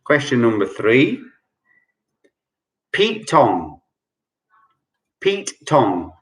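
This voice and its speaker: Slow, lively-voiced man hosting a quiz. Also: medium pitch. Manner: slow, repeats each clue several times; explains answers in a chatty, jokey way. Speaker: quiz host. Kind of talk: hosting an online quiz night. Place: at home during lockdown.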